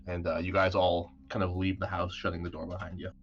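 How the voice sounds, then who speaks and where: A man narrating a tabletop game as game master, relaxed and hesitant with many fillers. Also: deep voice, brisk. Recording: dull lo-fi mic.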